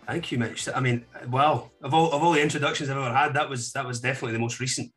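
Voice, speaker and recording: A man's voice: mid-range voice, fairly even intonation, very fast, a bit bright, soft background music. A Scottish man in his forties, a podcast guest chatting casually and telling self-deprecating stories. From Scotland. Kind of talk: casual chat.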